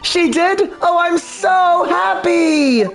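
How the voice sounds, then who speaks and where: A man's voice: very high voice, slow, gravelly, fairly bright tone, faint music behind, voice pushed up, heavily acted. A man voicing a bubbly, lighthearted woman who is an animal tamer in a game dub, in a silly sing-song manner. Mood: giddy.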